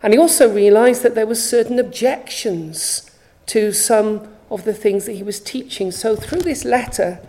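A woman preaching a sermon, reading scripture aloud and posing rhetorical questions. Her voice is mellow and warm, set a touch higher than most. She leans hard on key words with earnest emphasis. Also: normal speed, poor audio.

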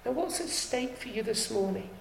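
A woman preacher delivers a sermon in a fairly high voice with a gravelly edge. She is emphatic and leans on repeated rhetorical questions to press her point. The sound rings around an echoey church. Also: animated, moderate pace, slight background noise.

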